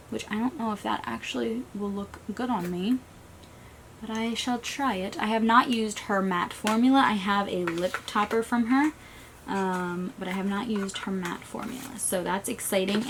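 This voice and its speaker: A woman's voice: medium pitch, background noise. Chatty woman unboxing beauty products. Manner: chatty, rushed, trailing off. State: recovering from a migraine. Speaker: beauty vlogger. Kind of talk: casual unboxing chat. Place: small stuffy room.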